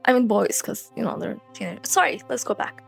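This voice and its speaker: A young woman reads a novel aloud for her channel, breaking off into chatty, blunt asides. Her voice sits on the high side. Soft music plays faintly behind her. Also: animated, fairly quick, creaky. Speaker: host reading an audiobook. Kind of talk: casual audiobook reading with chatty asides.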